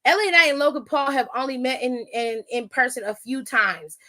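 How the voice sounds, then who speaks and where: A woman's voice: high voice, normal speed, bright, forceful tone. A young woman hosting a podcast, giving a blunt, profane recap and acting out other people's lines. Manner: blunt, profane, with acted-out quotes. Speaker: podcast host. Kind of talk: casual wrestling recap.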